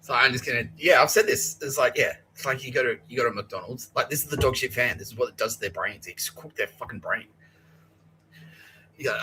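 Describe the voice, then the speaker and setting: A man's voice: medium pitch, a little fast, bright, forceful tone, a little hiss or hum, rough recording. A man hosting a podcast, talking in a profane, laughing, rambling monologue. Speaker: podcast host.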